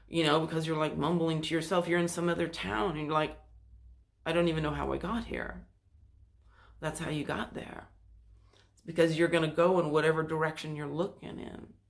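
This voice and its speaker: Talking a little fast in a level, mid-range voice, the host of a spiritual self-help channel rambles casually with loose wording and restarts, sometimes acting out the voices he quotes.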